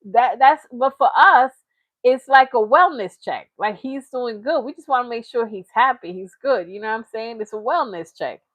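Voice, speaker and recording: A woman's voice: a little high, animated, normal speed, a bit bright, dry recording. A woman hosting a reaction channel, talking in casual, chatty commentary with frequent laughs. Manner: chatty, laughing, slips into mocking impressions.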